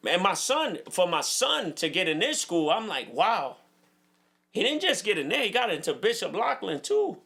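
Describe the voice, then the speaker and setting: Gravelly, bright-toned New York man. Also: high-pitched, very animated, normal speed. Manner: earnest, repeats "bro" often, emphatic. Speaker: co-host, father. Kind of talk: casual podcast conversation.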